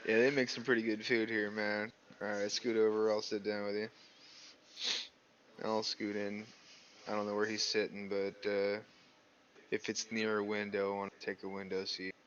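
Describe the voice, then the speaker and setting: A man's voice: fairly low pitch, monotone, moderate pace, muffled recording, a little hiss or hum. A man chatting casually and joking as a player in a tabletop game.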